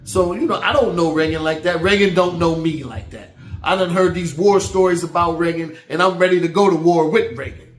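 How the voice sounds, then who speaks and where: High-voiced man telling a folksy story. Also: fairly quick. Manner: folksy, down-home storyteller who turns preachy. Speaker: motivational speaker. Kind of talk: storytelling motivational talk. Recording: roomy echo with faint background music.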